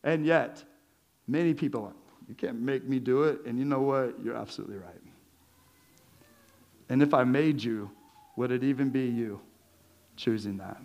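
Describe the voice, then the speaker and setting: A male pastor giving a conversational sermon, lively and joking, with chuckles between his points. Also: medium pitch, moderate pace, long pauses.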